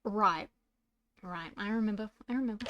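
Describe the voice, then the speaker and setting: A woman's voice: mid-range voice, moderate pace, a bit bright, lo-fi sound, slight background noise. A young woman streaming a game, chatty and self-deprecating, swearing casually, with a slightly sore throat. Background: game music.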